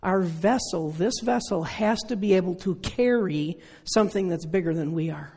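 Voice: medium pitch, normal speed, darkish tone, breathy edge. A preacher in their sixties giving an earnest, conversational sermon full of rhetorical questions. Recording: long reverb of a large hall.

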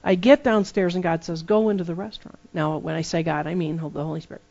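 A preacher giving a sermon full of personal testimony, telling the stories lively and acting out the dialogue. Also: mid-range voice, brisk, vocal fry, lo-fi sound. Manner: lively storytelling that acts out dialogue.

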